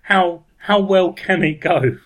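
A man's voice: high voice, slow. A man co-hosting a podcast in casual chat, wry and self-mocking, rambling through his points. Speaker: podcast co-host.

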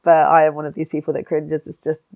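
A woman's voice: low-pitched, level tone, fast, creaky, a little mellow. A woman co-hosting a podcast in casual chat, with a stuffy nose from a cold and a giggly, self-deprecating manner. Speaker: podcast co-host.

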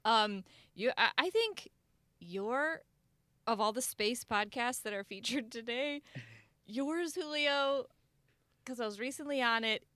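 A woman's voice: on the high side, unhurried, bright, forceful tone, no room sound. A woman hosting a casual group podcast chat, playful and laughing often. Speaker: podcast host.

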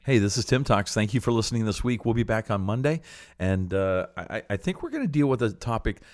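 A middle-aged man hosting a ministry podcast, talking earnestly and encouragingly, with many pauses and fillers. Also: on the low side, big pitch swings, no room sound, clean studio sound. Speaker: podcast host, preacher. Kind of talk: casual podcast talk.

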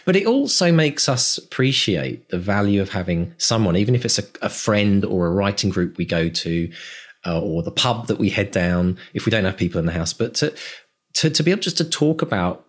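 Husky low-voiced podcast host. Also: male voice, big pitch swings, a little fast. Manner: warm, enthusiastic, rambling. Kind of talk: casual chat and ad read.

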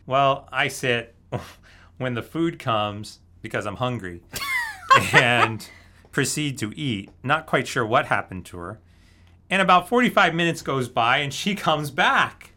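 A man's voice: mid-range voice, sing-song, slow, bright, forceful tone. A man casually telling a story, laughing often as he goes. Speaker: guest telling a dating story. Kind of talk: casual anecdote.

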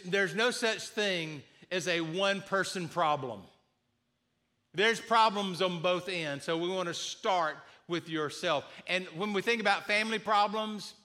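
A man's voice: high-pitched, pushed and bright. A male pastor preaching a sermon in an earnest way, repeating key phrases and acting out sample apologies.

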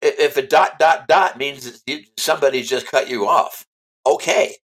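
A man's voice: medium pitch, normal speed, a bit bright. A man being interviewed as an author, talking in a chatty, emphatic way and often repeating himself. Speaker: author guest. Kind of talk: casual interview chat.

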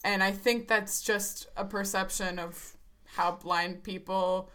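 A woman with a bright, forceful voice talks casually as a podcast co-host. She speaks frankly and laughs often. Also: mid-range voice, steady tone, takes it slowly. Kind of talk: casual chat.

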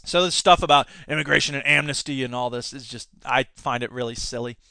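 A man's voice: mid-range voice, fast, vocal fry, bright, forceful tone, dry recording. A man hosting a casual political podcast, sarcastic and indignant, laughing at his own jokes as he rants. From Wisconsin. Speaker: podcast host; teacher union member.

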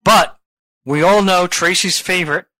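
A man's voice: high-pitched, measured pace, bright, forceful tone, dry recording. A man hosting a podcast in casual chat, teasing his co-host with wisecracks.

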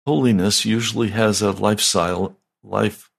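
A man's voice: on the low side, steady tone, normal speed, creaky, husky. A male pastor preaching a sermon, retelling a Bible story and rising to emphatic peaks.

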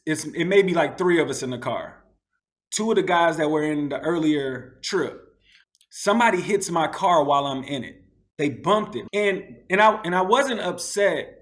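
A man in casual conversation tells wild road stories with a lot of animation. His voice sits a touch high and climbs further whenever he acts out what someone said. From United States. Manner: animated, acts out quotes in a raised voice. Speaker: guest. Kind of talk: casual storytelling.

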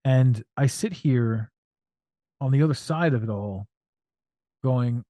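A man hosts a loose, casual podcast and talks at a middle pitch. He tells stories in an animated way and slips into silly voices for a laugh. The recording is dry and close, with no room sound. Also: slow pace, no echo. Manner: animated, acts out voices and jokes. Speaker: podcast host.

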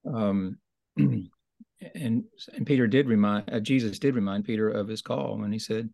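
A man's voice: fairly low pitch, measured pace, vocal fry, dark tone, no echo. A man teaching in a conversational Bible study discussion, thoughtful and explanatory, often restarting his sentences.

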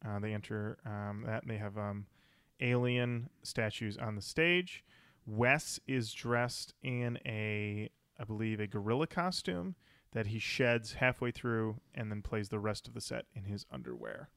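A man's voice: on the low side, animated, measured pace, vocal fry, fairly bright tone, smooth, dry recording. A man co-hosting a podcast, talking through his thoughts in a rambling way and correcting himself as he goes. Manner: rambling, thinks aloud with self-corrections. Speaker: podcast co-host. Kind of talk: casual chat about music.

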